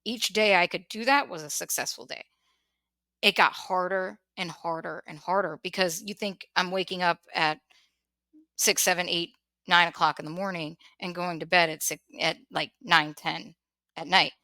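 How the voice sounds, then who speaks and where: A woman's voice: fairly low pitch, steady tone, normal speed, sharp tone, no room sound. A woman hosting a podcast, talking candidly and emotionally about her own life, repeating words and laughing wryly. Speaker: podcast host. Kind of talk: candid personal conversation.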